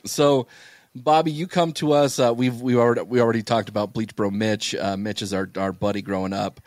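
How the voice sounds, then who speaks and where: Low-voiced man hosting a chatty podcast. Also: steady tone, brisk, a little mellow, no echo. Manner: rambling storyteller, lots of fillers and restarts. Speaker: podcast host. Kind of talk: casual podcast chat.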